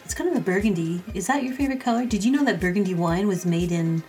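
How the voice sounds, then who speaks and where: A woman's voice: medium pitch, lively intonation, fast talker, warm tone, far from the mic, soft background music, natural voice. A woman voicing a chatty, nosy woman who rattles off trivia and jumps from one topic to the next. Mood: chirpy. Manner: rambling small talk, jumps between topics.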